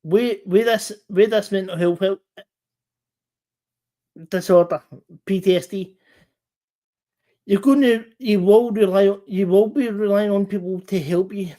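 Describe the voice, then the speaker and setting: A man hosting a casual live-stream chat, talking earnestly in halting bursts with many restarts and repeated words. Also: high-pitched, steady tone, mellow.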